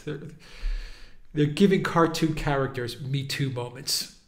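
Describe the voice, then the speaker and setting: A man's voice: fairly high pitch, a little slow, reverberant. A man hosting a casual commentary video, mocking and exasperated as he talks, often breaking into laughter. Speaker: political video host.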